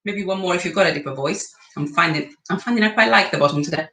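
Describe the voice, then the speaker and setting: A fast-talking English woman with a low-leaning, bright, forceful voice leads a guided singing and breathing class. Recorded in an echoey room, she chats, encourages, and laughs between exercises.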